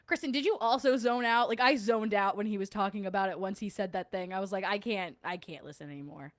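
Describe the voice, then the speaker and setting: A woman's voice: medium pitch, fast talker. A young New Jersey woman with a matching accent chats through her livestream, laughing easily and doing little impressions of people as she tells stories. Her voice sits in a middle register. The sound is close and dry, with no room echo. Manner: chatty, laughs often, mimics others mid-story. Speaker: podcast host reading live chat. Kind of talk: casual livestream chat.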